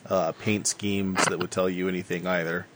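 A man narrating a tabletop game as game master, in a measured way with many filler pauses. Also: low voice, level tone, heavy background noise.

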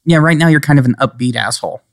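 A man's voice: medium pitch, fast, vocal fry, no room sound. Joking male podcast co-host, dry close mic. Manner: joking, rambling, slips into playful accents. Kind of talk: casual chat.

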